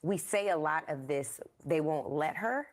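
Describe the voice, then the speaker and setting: A woman on a political panel, speaking in an articulate, deliberate way. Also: sits low, animated. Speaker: panel commentator.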